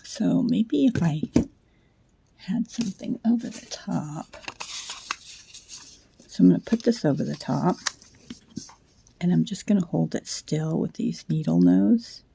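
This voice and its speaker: A woman hosting a casual craft how-to at home late at night, sleepy, soft and unhurried, often slipping into a whisper as she works. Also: on the low side, expressive, gravelly, slight background noise. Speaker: craft channel host.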